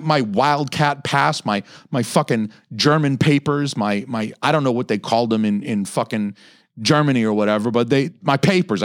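A man in his thirties rants on his podcast, swearing freely and putting on higher voices to quote others. His voice sits at a middling pitch and sounds dry and close to the mic. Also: no room sound. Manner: animated, heavy swearing, mock-quoting others in raised pitch. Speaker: podcast host. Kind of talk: casual profane podcast rant.

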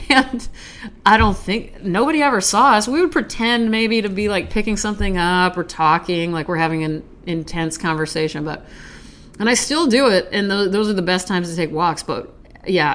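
Woman podcast host, lower register, relaxed chatty delivery that slows into a measured poetry reading. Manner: chatty, self-aware, calm. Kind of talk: casual chat then poetry reading. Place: Los Angeles.

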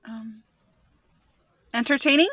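A woman's voice: on the high side, takes it slowly, a bit bright, dry recording. A woman co-hosting a podcast, casually quizzing her co-host on slang and teasing her with hints. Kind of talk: casual chat, slang guessing game.

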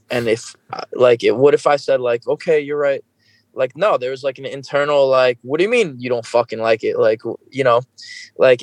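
A man's voice: mid-range voice, dry recording, poor audio. Casting: male podcast host, casual and profane, close dry mic, acts out quotes. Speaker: music video director.

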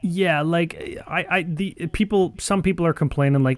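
A man's voice: a little high, a little fast, hardly any pauses, no room sound. A man co-hosting a casual podcast, rambling in a sardonic, profane way with lots of "like" fillers. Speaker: podcast co-host. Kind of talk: casual card game chat.

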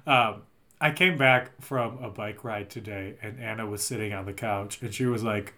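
A man's voice: medium pitch, lively intonation, moderate pace, sharp tone. A man co-hosting a casual chat, recapping a movie plot in a rambling, dry, joking way. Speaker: podcast co-host.

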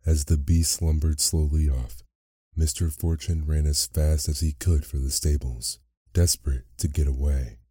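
A man narrating a bedtime story in a soft, unhurried way. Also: very deep voice, fairly even intonation, breathy edge, no room sound, clean studio sound. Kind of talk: slow bedtime story reading.

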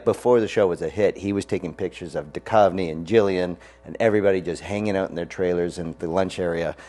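A man guesting on a casual interview, chatting and telling anecdotes, quick to laugh. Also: sits low, darkish tone.

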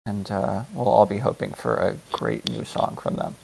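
A man's voice: lowish voice, big pitch swings, moderate pace, gravelly, darkish tone, slightly rough. A man appearing as a podcast guest, chatting casually and hesitantly with many fillers. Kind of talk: casual chat.

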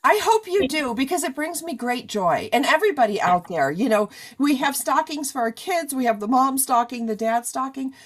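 A woman's voice: high-pitched, expressive, moderate pace, few pauses. A middle-aged woman hosting an interview in a chatty, rambling way, full of "you know". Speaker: radio interview host. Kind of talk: casual chat.

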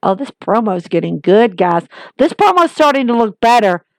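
A woman hosting a casual wrestling recap, talking excitedly and repeating herself for emphasis. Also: a little high, moderate pace, no room sound. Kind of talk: casual spoken recap to viewers.

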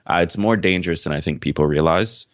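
A man from Jamaica talks as an interview guest in a frank, easygoing way. His voice sits extremely low. The recording is dry and a little dull. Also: fast talker, dry recording. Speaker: podcast guest. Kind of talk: casual interview answers.

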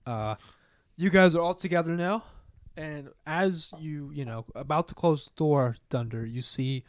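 A man running a tabletop game, narrating loosely with lots of fillers. His voice is fairly high. The sound is dry and close. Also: a little slow, dry recording. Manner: casual, filler-heavy narration. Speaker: game master.

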